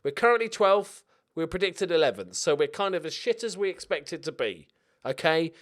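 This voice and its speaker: A young man talks himself through a video game in excitable, sweary let's-play commentary. His voice sits slightly high for a man. It leaps around all over the place as he jokes and reacts. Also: normal speed. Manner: excitable, sweary, jokey self-talk.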